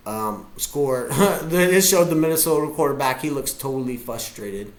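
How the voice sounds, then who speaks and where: A man reacting to a football game as a fan, hyped and often shouting his cheers. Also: mid-range voice, expressive, normal speed. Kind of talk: live game reaction vlog.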